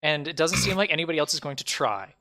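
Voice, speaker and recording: Rambling game-master man, bright voice. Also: a little high, expressive, fast. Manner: loose, rambling, filler-heavy. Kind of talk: narrating a tabletop game.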